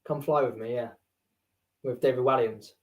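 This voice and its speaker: A man's voice: mid-range voice, fairly even intonation, normal speed, a crowd in the background. A young man, co-hosting a podcast in casual chat and rambling enthusiastically with lots of "like". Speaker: podcast co-host.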